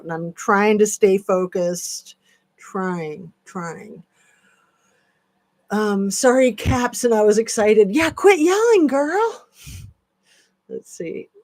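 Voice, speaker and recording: Slow-talking woman livestream host. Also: medium pitch, a little mellow. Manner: chatty, scattered, reacting to comments. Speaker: channel host. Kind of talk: casual livestream chat.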